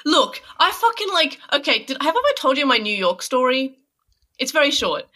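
Woman co-host, casual swearing storyteller, bright upper voice. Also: high-pitched, brisk. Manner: swears freely, animated storytelling. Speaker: podcast co-host. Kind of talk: casual chat.

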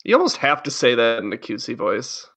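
A man's voice: medium pitch, very animated, fast talker, fairly bright tone. A man co-hosting a podcast, answering with short quips and agreement in casual chat. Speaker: podcast co-host.

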